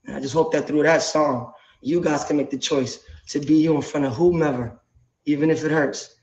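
A man speaks in an earnest, reflective way, encouraging listeners to be themselves. His voice sits a little high. It comes through a roomy, echoing space on muffled, lo-fi audio. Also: fairly even intonation, normal speed, darkish tone. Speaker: rapper, guest artist. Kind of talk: heartfelt live-stream speech.

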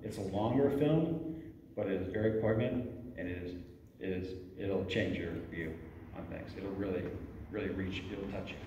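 A man's voice: deep voice, normal speed, dark tone, highs cut off, a little hiss or hum. A man leading a parent talk at a church, speaking conversationally and often checking in with "okay?". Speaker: youth ministry director giving a parent talk. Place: church hall. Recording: echoey hall recorded from far off.

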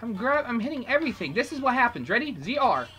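A woman's voice: a little high, big pitch swings, quick pace. A woman playing a video game with a friend, chatting casually, swearing often and bursting out in frustration. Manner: swears a lot, loud outbursts of frustration. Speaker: gamer. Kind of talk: casual co-op gameplay chat.

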